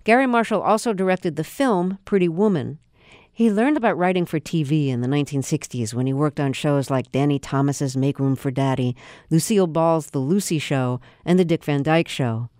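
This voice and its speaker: A radio interview host reading an introduction and asking measured questions. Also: mid-range voice, darkish tone, no echo, clean studio sound. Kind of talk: interview hosting, scripted introduction.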